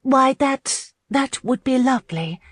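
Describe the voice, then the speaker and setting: A woman's voice: high-pitched, animated, slow pace, husky, no echo, studio quality, voice pushed up, full character voice. A woman voicing a nervous young noblewoman who hesitates and stammers in a storybook reading.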